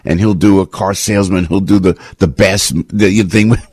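An older man hosting a morning talk radio show, telling rambling, emphatic stories that climb high when he gets worked up, on a close studio mic. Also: steady tone, moderate pace, a little mellow, slightly rough, dry recording. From New Jersey.

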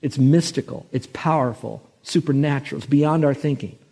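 Husky-voiced male pastor preaching. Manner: storytelling, slows and rises in pitch and loudness for scripture. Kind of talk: sermon.

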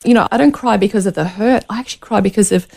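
A woman's voice: medium pitch, very fast, gravelly, a little mellow. A woman telling a painful personal story as a radio interview guest, earnest and close to tears. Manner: earnest, emotional, near tears.

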